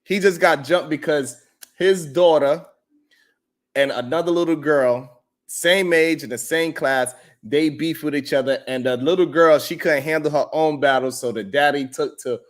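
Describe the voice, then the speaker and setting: A man hosting a casual talk show, animated and laughing often as he puts questions to his co-host. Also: a little high, moderate pace.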